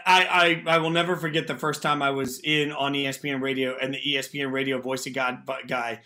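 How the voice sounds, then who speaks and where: A man's voice: mid-range voice, flat delivery, fast, sharp tone. A man hosting a sports talk radio show, talking energetically about football and taking callers. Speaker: radio host.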